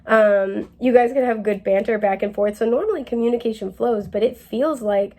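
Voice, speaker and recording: Giggly chatty young woman with gravelly fry. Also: a little high, normal speed, mellow. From New England. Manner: chatty, giggly, rambling with many fillers. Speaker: tarot reader. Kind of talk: casual spiritual reading.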